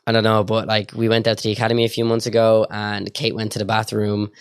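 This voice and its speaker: A young Irish man rattles through stories at high speed, stringing thoughts together with a stream of filler words. His voice sits a little low, and the sound is close and dry with no room around it. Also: completely flat delivery, clean tone, no echo. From Ireland. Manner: rapid, rambling, lots of filler words. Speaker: podcast guest. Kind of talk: casual storytelling chat.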